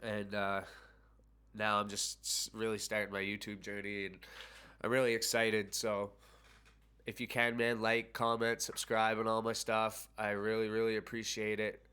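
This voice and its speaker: A young man casually telling a personal story on his vlog, excited and swearing often. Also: fairly low pitch, moderate pace, clear, resonant tone.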